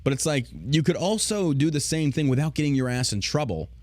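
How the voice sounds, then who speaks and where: A man's voice: on the high side, animated, fairly quick, a little mellow, no room sound. A man hosting a podcast, ranting in casual, profane, sarcastic commentary. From United States. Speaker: podcast host.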